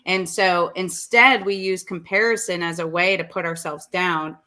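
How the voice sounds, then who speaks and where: Bright, low-pitched woman speaker. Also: fairly even intonation, normal speed. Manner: earnest, reflective. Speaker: guest, coach. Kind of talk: motivational talk.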